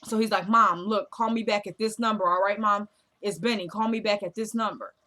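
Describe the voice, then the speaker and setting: A woman's voice: medium pitch, fairly quick. Chatty woman recapping a TV episode. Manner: retells scenes as quoted dialogue, chatty and animated. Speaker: show recap vlogger.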